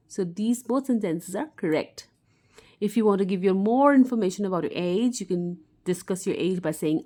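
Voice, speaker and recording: A woman's voice: mid-range voice, expressive, normal speed. A woman teaching simple phrases to children, explaining patiently and lifting her voice on the example sentences. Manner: clear, patient explaining with bright, sing-song example phrases. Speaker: English teacher for kids. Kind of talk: simple spoken lesson.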